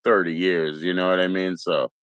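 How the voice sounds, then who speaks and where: A man's voice: low voice, flat delivery, normal speed, a bit bright, clear, resonant tone, no echo, dull audio. A man chatting casually on a live stream, rambling and laid-back as he greets viewers one by one. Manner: rambling, laid-back, greets chat members, mock Aussie slang. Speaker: livestream host.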